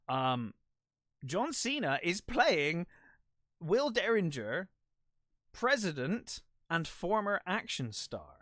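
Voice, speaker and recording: A man's voice: high voice, fairly bright tone, no echo, clean studio sound. A man hosting a podcast on his own, giving a casual, rambling movie review with swearing and self-mocking asides. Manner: rambling, profane and self-deprecating. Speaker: podcast host. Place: lives in the United Kingdom.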